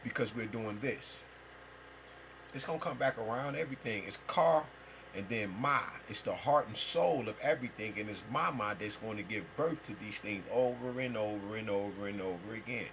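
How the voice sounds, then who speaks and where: A man's voice: lowish voice, normal speed, fairly bright tone, a little hiss or hum, rough recording. A man giving a free-flowing spiritual talk as a teacher, rambling and emphatic, with heavy slang and profanity.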